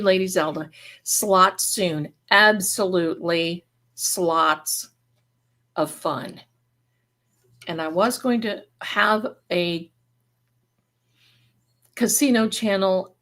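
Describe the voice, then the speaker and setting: Woman, slightly low-pitched, livestream host, reads chat aloud, gushing, affectionate, rambling. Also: fairly bright tone. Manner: effusive, showers viewers with endearments; rambling, self-interrupting. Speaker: livestream host and spiritual reader. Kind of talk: live-stream chat reading.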